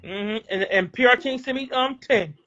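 A woman's voice: a little high, normal speed, fairly bright tone, lo-fi sound. A woman hosting a live stream, insistently repeating requests and stammering as she talks. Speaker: live-stream host asking viewers for money. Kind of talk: casual live-stream chat.

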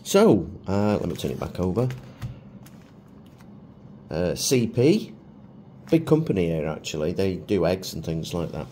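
Middle-aged man, casual food vlogger, chatty and self-deprecating, lowish pitch. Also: very animated, unhurried, long pauses, dark tone, slight background noise. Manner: chatty and self-mocking, with chuckles. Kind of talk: casual food review vlog.

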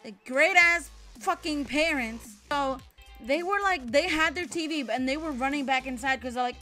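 High, bright young woman, swearing storyteller. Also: moderate pace, faint music behind. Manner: rambling, swears a lot, many fillers. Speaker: storytime vlogger. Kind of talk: casual storytime chat.

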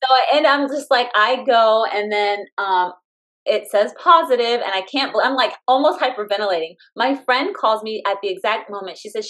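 A woman in her thirties, a guest telling her family story in a lively way, laughing often and acting out what others said. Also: fairly high pitch, moderate pace. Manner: animated, laughing often, acts out quotes. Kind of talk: casual storytelling interview.

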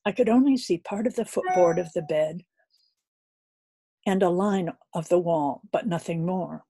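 A woman's voice: on the low side, measured pace, warm tone, breathy edge, dry recording. A woman narrating a classic novel as an audiobook reader, earnest and a little unpolished, with occasional slips.

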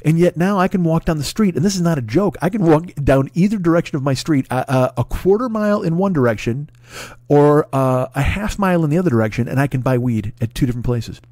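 A man in his forties riffs through a solo comedy podcast rant, swearing constantly and laughing at his own tangents. His voice sits a bit high for a man. The sound is close and dry, with no room around it. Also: animated, quick pace, a little mellow, no echo. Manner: profane, ranting, riffing with laughs and restarts. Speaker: podcast host.

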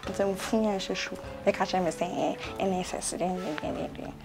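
A woman's voice: mid-range voice, fairly even intonation, moderate pace, over music, lightly acted. A young woman with a Ghanaian accent playing a chatty young woman in a comic web series monologue, gossiping in a mix of English and pidgin.

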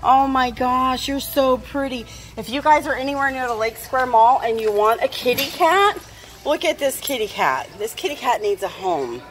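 A woman vlogs a trip to the pet store, speaking expressively at a moderate pace. She cheerfully and fondly narrates for her viewers and talks to her dogs in a high voice.

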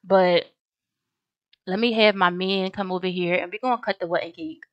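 A woman's voice: on the low side, steady tone, normal speed, clean tone, no echo, lo-fi sound. A young woman casually commenting on her game as she plays, chatty and slangy, often talking straight to her viewers. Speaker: gaming video host.

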